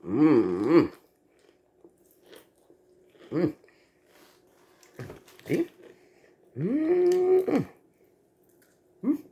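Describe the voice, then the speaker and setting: A woman's voice: mid-range voice, wildly swooping pitch, drawn-out words, long pauses, muffled recording. A woman in a home video, talking to her pet in doting baby talk while it eats. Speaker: pet owner filming her pet.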